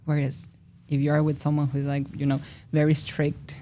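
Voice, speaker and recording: A young woman with a Mexican accent, a native Spanish speaker, chatting expressively as a podcast guest who laughs loudly and talks a lot. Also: low voice, monotone, moderate pace. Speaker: guest researcher. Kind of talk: casual podcast interview.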